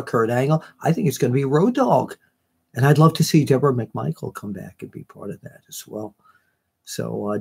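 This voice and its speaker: A man's voice: medium pitch, a little mellow, husky. A man hosting a live online show, chatting casually and reading out viewer comments in a rambling way, with many fillers and self-corrections.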